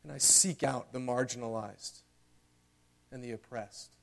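A man preaching a sermon in a church, earnest, building louder and higher toward emotional peaks. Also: fairly even intonation, measured pace, vocal fry. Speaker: pastor.

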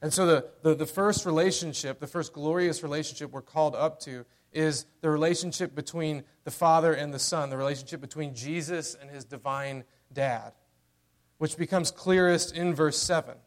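A man preaching a sermon in a conversational style, dropping to a hushed, tender voice for key lines. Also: on the high side, normal speed. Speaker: pastor.

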